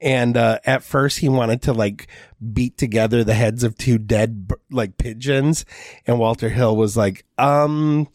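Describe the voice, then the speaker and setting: A man's voice: mid-range voice, a little slow, darkish tone, dry recording, clean studio sound. A man co-hosting a casual movie review podcast, talking loosely with many ums and uhs. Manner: rambling with many fillers. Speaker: podcast co-host.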